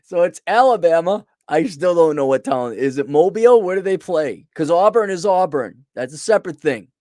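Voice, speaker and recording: A man's voice: a little high, lively intonation, normal speed, darkish tone, dry recording, clean studio sound. A middle-aged man telling a rambling, self-mocking story in a casual monologue, full of sarcastic asides. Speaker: podcast host.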